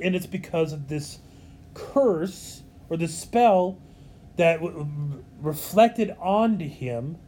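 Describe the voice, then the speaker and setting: A man's voice: high voice, mellow, a little hiss or hum. A man giving a casual, faith-minded movie review, rambling with frequent restarts and self-corrections.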